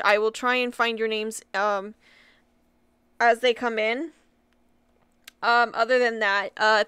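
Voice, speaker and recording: A young woman vlogging casually, giggling and stumbling over names as she reads out shout-outs, often apologizing. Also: a little high, smooth, no echo. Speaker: YouTuber.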